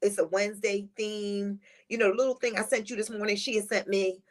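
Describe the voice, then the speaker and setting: A woman's voice: little pitch movement, brisk. Woman, middle-aged, talk show guest, upbeat, positive, rambling heartfelt stories. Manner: upbeat, high-energy, positive talker; rambling, heartfelt storytelling with restarts. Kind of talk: casual conversational interview.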